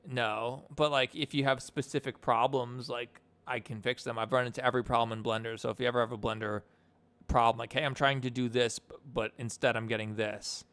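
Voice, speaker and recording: Young guy streaming, rambles a lot, bit of fry, clear tone. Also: medium pitch, a bit bright. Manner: rambling, filler-heavy. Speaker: animator streamer. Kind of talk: casual live-stream chat.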